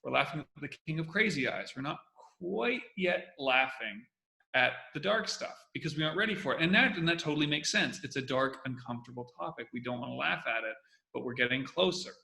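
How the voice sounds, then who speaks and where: Male host, energetic, bright edge, echoey room, repeats himself to drive points home. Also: a little high, a little fast, gravelly. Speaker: host analyzing comedy. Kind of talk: casual video commentary.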